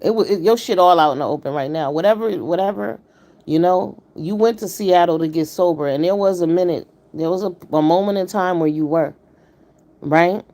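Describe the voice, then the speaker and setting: A woman's voice: fairly low pitch, a little fast, dark tone. A woman hosting a live stream, giving blunt, emphatic and profane commentary while greeting her viewers. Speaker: livestream commentator.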